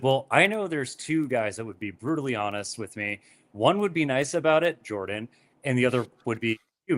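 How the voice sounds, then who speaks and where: A man's voice: fairly low pitch, a bit bright. A man appearing as a musician guest on a video call, chatting casually, laughing often and telling heartfelt stories.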